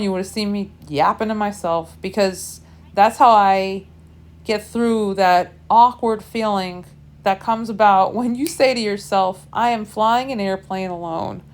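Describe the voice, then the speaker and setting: A young woman tells a story about her own life in a loose, chatty way, stumbling over restarts and cheerfully swearing. She talks from the cockpit of a small plane in flight, picked up by a headset mic. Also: mid-range voice. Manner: chatty, candid, self-deprecating, with restarts and swearing. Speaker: vlogger and pilot. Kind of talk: casual storytelling vlog.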